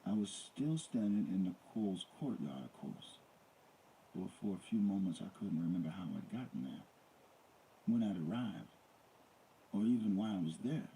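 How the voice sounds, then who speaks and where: A man's voice: low-pitched, expressive, moderate pace, gravelly, mellow, slight background noise, low-quality recording. A man reading a first-person story aloud in a dramatic, intense manner. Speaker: audiobook reader.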